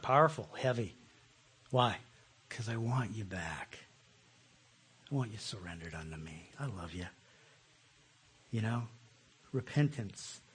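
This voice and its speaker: A pastor, a man preaching a passionate sermon that swings between loud pleas and hushed, soft asides. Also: mid-range voice, husky.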